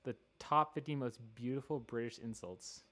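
A man's voice: mid-range voice, normal speed, a bit bright. A man co-hosting a casual chat show, rambling and giggly, saying "like" constantly. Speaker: podcast co-host.

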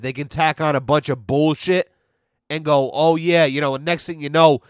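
Young man, podcast host, swearing a lot, exasperated storyteller, somewhat high voice, dry sound. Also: no echo. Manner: profane, exasperated, retells others' words. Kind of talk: casual storytelling.

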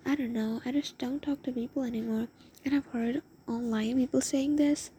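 A woman's voice: high-pitched, steady tone, moderate pace, mellow, a little hiss or hum. A young woman telling a rambling, emotional story in a confessional vlog, often dropping into a whisper. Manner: rambling, emotional, lots of "oh my God". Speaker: vlogger.

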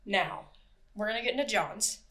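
A woman's voice: medium pitch, lively intonation, normal speed, a bit bright. Chatty woman retelling a true crime case. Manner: chatty, swears freely, acts out quotes. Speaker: podcast co-host. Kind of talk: casual true-crime storytelling.

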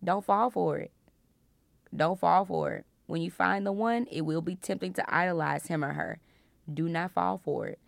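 A young woman hosting a faith podcast, teaching from the Bible in a casual, playful way with frequent loud laughter. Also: lowish voice, moderate pace, vocal fry, dry recording. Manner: animated, laughs loudly and often, playful preacher tone.

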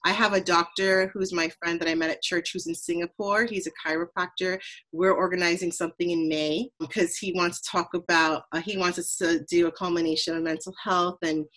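A woman from Trinidad, hosting a podcast, telling her story in an earnest, animated casual conversation. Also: fairly low pitch, brisk, poor audio. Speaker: podcast host.

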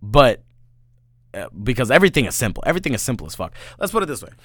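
A man's voice: medium pitch, quick pace, no echo. A man, a podcast guest, telling a story in casual chat and saying "bro" and "right?" again and again. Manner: animated, peppers speech with "bro" and "right?".

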